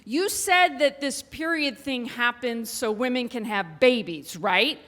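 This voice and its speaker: A blunt little girl, as her mother quotes her on stage, asking questions with no filter. She speaks up high and blurts her words out far too loudly. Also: unhurried. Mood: matter-of-fact. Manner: flat then sudden loud blurting.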